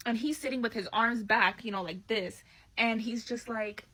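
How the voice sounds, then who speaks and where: A woman with a bright, forceful voice sitting a touch high, spilling a dating storytime straight to her viewers. She talks casually and animatedly and swears freely. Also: fairly even intonation, moderate pace.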